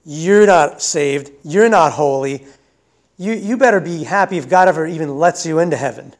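A man's voice: a little high, normal speed, natural voice. A man voicing a scornful accusing devil. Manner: scornful, jeering questions. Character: accusing male devil taunting a believer.

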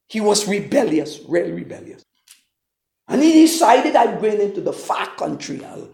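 A preacher reading scripture slowly, then preaching with big swings between loud calls and hushed asides, retelling the story in voiced quotes for the congregation. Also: mid-range voice. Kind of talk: sermon. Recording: echoey room.

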